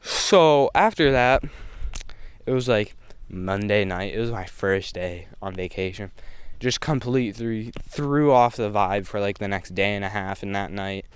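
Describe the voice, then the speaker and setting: A man's voice: fairly low pitch, measured pace, clean tone. A young man vlogging a casual storytime, slangy and laid-back, laughing between lines.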